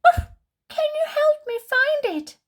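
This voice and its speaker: A woman's voice: extremely high pitch, animated, a little slow, pitched above the performer's own voice. A woman doing an eager yappy little puppy. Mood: pleading. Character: excited little male puppy.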